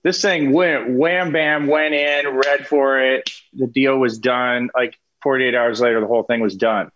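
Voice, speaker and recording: A man telling a relaxed story as an actor on a virtual panel over a video call. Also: mid-range voice, muffled recording. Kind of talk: casual panel chat.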